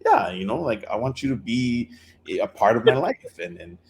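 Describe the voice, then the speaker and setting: A man's voice: medium pitch, very animated, normal speed, a little mellow, slight background noise. A middle-aged man co-hosting a podcast, telling a dating story in a rambling, casual way. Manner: rambling, many fillers and restarts. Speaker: podcast co-host.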